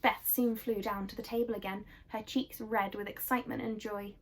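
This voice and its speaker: A woman reading a children's book aloud, telling it expressively and softly. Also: mid-range voice, level tone, normal speed. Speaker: storyteller.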